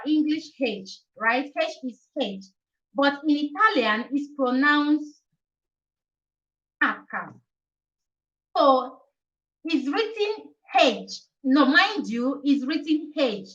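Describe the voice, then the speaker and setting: Teaching a language over a live stream, a young woman speaks in a high, bright voice, going over each point several times and frequently asking "okay?". The audio is a bit dull and lo-fi, like a webcam mic.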